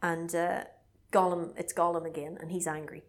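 Woman chatting about a movie, animated, does funny voices for the characters. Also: fairly low pitch, normal speed. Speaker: podcast co-host recapping a film. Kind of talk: casual chat.

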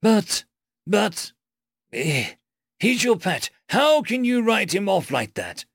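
A man voicing a nervous male alien ambassador who stammers in a high, agitated voice. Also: animated, moderate pace, no echo, clean studio sound. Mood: panicked.

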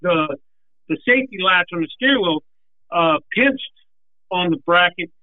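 A man telling a racing story in a folksy, animated way, a little out of breath, with restarts along the way. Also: high voice, moderate pace, dry recording. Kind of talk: casual storytelling. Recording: tinny phone line.

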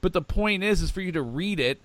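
A man chatting as a podcast co-host, excitable and rambling, with many ums. His voice sits a bit high for a man. The sound is dry and close, with no room echo. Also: fairly quick. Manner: enthusiastic, rambling, with many fillers. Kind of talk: casual podcast chat.

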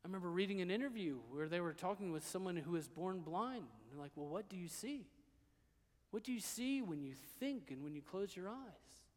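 A high-pitched male pastor preaching a sermon in a church hall with a long, ringing reverb. He moves between soft, hushed stretches and loud, emphatic declarations. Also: lively intonation, normal speed.

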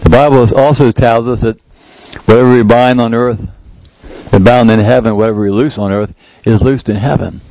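A man's voice: mid-range voice, fairly even intonation, a little fast, a little mellow, dry recording, rough recording. A middle-aged male pastor preaching a sermon in a conversational way that rises into emphatic prayer. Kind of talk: sermon with live demonstration.

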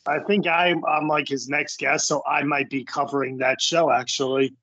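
A man's voice: a little high, level tone, moderate pace, creaky, pushed and bright, dry recording. A man guesting on a casual podcast chat, hesitant, with many fillers and restarts.

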